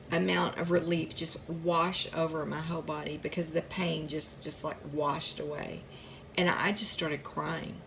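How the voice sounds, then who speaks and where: A woman's voice: on the low side, gravelly, slight background noise. A woman casually telling a long personal story about her chronic pain, chatty and rambling, with many asides.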